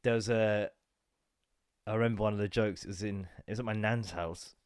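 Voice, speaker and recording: In a clean studio-quality recording with no room sound, a man with a lowish, steady voice speaks briskly and smoothly. He's a solo podcast host, congested with a cold, ranting casually, rambling, cursing, and breaking into goofy voices.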